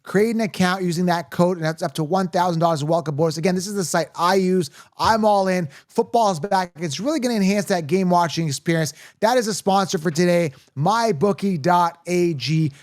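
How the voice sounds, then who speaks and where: A man hosting a casual sports podcast, energetic and hype-driven, laughing often. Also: high-pitched, brisk, few pauses, no room sound, clean studio sound. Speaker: podcast host.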